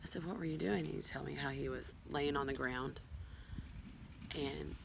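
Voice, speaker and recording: A woman's voice: low voice, normal speed, gravelly, noisy background. A woman telling her own story to a phone camera at home, rambling with many fillers and asides. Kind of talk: casual personal storytelling. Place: at home, filming herself on a phone.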